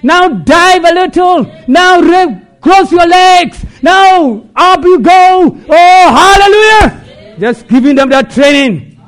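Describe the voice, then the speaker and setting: High-voiced slow-paced male preacher. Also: expressive. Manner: call-and-response preaching with rhetorical questions and shouted exhortations. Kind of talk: sermon.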